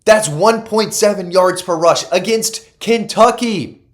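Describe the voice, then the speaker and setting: A man giving solo college football analysis, emphatic and casual, repeating key stats for effect and correcting himself as he goes. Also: high voice. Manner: self-correcting, casual asides. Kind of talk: solo sports commentary.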